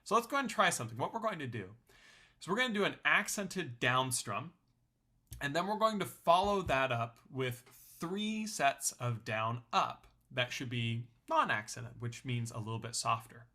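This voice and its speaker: A man's voice: medium pitch, animated, normal speed, bright, forceful tone. A young man teaching a ukulele lesson in a friendly, explanatory way, counting beats aloud. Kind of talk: online music lesson.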